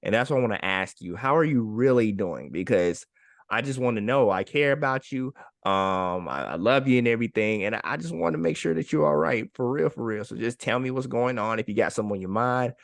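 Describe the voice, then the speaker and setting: A man's voice: mid-range voice, animated, fairly quick, gravelly, dry recording. Encouraging man on a dry mic. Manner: warm, encouraging, repeats phrases for emphasis. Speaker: podcast co-host. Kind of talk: casual heartfelt chat.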